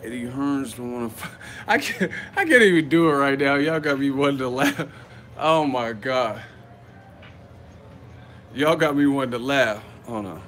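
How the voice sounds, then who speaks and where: A man's voice: mid-range voice, expressive, measured pace, long pauses, a bit bright, a little hiss or hum. A man hosting a boxing live chat from a hotel room, telling profane, joking stories. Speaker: boxing YouTuber host. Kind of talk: live-chat vlog storytelling.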